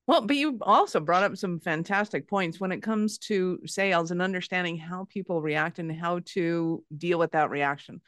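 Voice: mid-range voice, normal speed, hardly any pauses, a bit bright, smooth, dry recording, studio quality. A podcast host asking questions in an upbeat, casual way, laughing easily. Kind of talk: casual interview.

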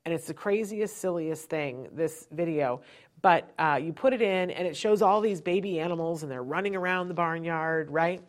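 A woman with a somewhat low voice, talking as a host giving practical parenting advice. She speaks conversationally and keeps checking in with "right?". At times she softens and lowers her voice to act out winding down. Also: normal speed. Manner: chatty, often checks in with "right?".

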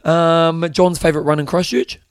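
A New man co-hosting a podcast in casual chat, animated and rambling, often breaking into laughs. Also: on the high side, moderate pace, clear, resonant tone, no echo, studio quality. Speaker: podcast co-host.

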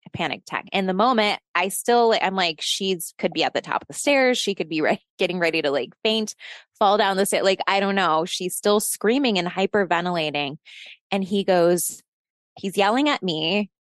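A woman in her thirties, a podcast host appearing as a guest in a casual interview, tells a tense personal story with lively, profane energy, laughing often and acting out shouted lines. Her medium-pitched voice moves at a moderate pace, recorded dry and close with no room sound.

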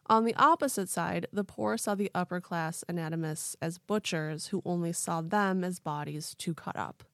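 A young woman with a lowish voice co-hosts a true-crime podcast, relaying the story in a laid-back way heavy on "like" and "quote unquote." The clean studio sound has no room ambience.

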